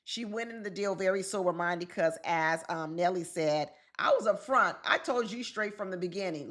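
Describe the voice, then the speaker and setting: A woman's voice: fairly low pitch, moderate pace, few pauses, fairly bright tone. A woman commenting on celebrity news in a casual vlog, talking straight to her viewers and laughing often. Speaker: relationship coach and commentator.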